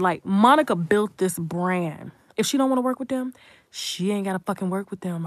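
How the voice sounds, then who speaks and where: A woman giving heated, profane live commentary, hammering points with repetition and shifting between hushed asides and loud outbursts. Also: dry recording, clean studio sound. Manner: rises into high, loud outbursts; drops to hushed, whispered asides.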